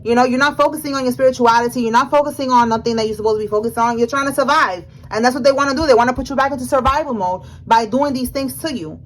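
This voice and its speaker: A woman gives a general tarot reading, addressing the viewer directly in a casual, emphatic, slangy way. Her voice is high and rapid-fire with few pauses, and the recording quality is low.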